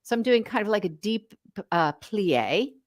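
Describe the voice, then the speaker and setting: A woman voice coach on a video call from her home office, talking in an animated, demonstrative coaching way. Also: mid-range voice, normal speed, no room sound, studio quality. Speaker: voice and speech coach. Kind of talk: casual video chat.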